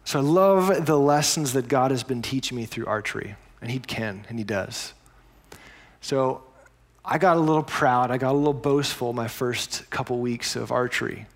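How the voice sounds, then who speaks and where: A man's voice: mid-range voice, moderate pace, gravelly. A man preaching a sermon as pastor, telling stories in a conversational way with explanatory asides.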